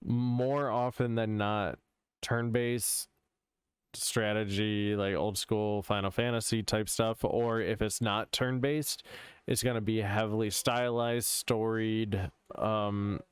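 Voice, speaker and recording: A man co-hosting a casual podcast chat, talking in a measured way and patiently explaining things. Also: lowish voice, fairly even intonation, smooth, no room sound. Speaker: podcast co-host.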